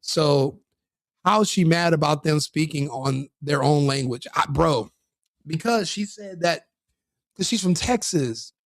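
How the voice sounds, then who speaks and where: Rambling solo podcast host, fairly high voice. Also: male voice, unhurried, no room sound, clean studio sound. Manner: rambling, frequent restarts and self-corrections. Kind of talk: casual solo commentary.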